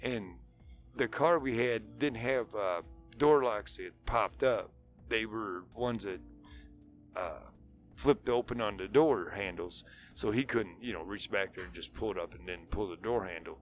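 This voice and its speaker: A man's voice: fairly low pitch, unhurried, soft background music. A middle-aged man, a father and podcast co-host, telling a long, profane anecdote in casual chat and acting out the dialogue. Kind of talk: casual storytelling.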